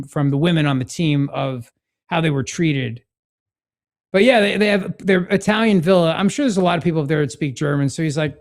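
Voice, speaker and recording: A man's voice: on the high side, gravelly. A man hosting a political talk show, sarcastic and mocking in tone. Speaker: podcast host.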